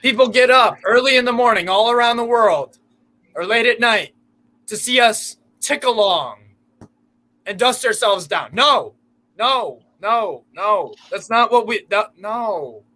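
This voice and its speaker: Bright-voiced, swearing American man. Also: sits high, lively intonation, unhurried. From United States. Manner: loud, profane, jokey. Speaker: co-host of fan watchalong. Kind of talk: casual live-stream chat.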